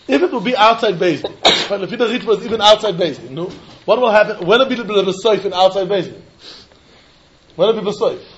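A man with a very high voice teaches a Talmud lesson in a lively, sing-song way. His voice swoops up and down as he poses rhetorical questions and laughs between points. The recording sounds dull and lo-fi. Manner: sing-song, mixing English, Yiddish and Hebrew. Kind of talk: animated yeshiva-style Talmud lecture.

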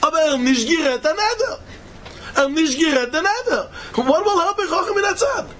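A man's voice: very high voice, lively intonation, fairly quick, a bit bright, a little hiss or hum. A man giving a Talmud lecture, emphatic and repetitive, chuckling as he explains. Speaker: Talmud teacher.

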